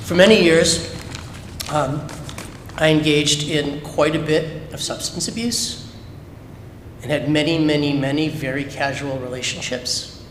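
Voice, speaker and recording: A man speaks openly to a congregation, pressing his points with rhetorical questions in a fairly high voice. His words ring out through a synagogue sanctuary with a long, echoing reverb. A faint room hum sits underneath. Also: a little slow, long pauses, a bit bright. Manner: candid, emphatic, many rhetorical questions. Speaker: speaker at a Shabbat service. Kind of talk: personal testimony talk. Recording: echoey hall with long reverb.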